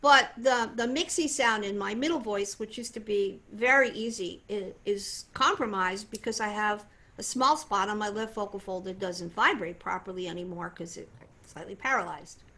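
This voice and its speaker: An older woman voice teacher explaining singing technique in a conversational, animated way. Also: medium pitch, moderate pace. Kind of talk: voice lesson demonstration and explanation.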